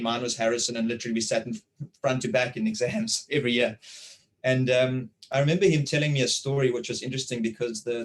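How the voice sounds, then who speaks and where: A South African man in his forties interviewing over a video call, telling anecdotes in a lively way and often repeating words. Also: medium pitch, low-quality recording. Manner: animated storytelling, repeats words. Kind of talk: conversational interview.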